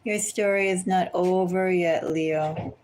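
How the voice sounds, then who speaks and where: A woman giving a collective tarot reading, speaking slowly and deliberately and repeatedly addressing the listener by star sign. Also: fairly low pitch, fairly even intonation, darkish tone, slight background noise, rough recording. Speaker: tarot reader.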